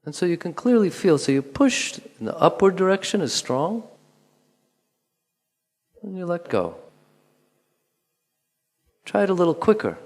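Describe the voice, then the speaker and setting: Man guiding a movement class, lively pitch. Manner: calm, instructive, with pauses and spoken counting. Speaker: movement teacher. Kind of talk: guided movement lesson. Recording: long hall reverb.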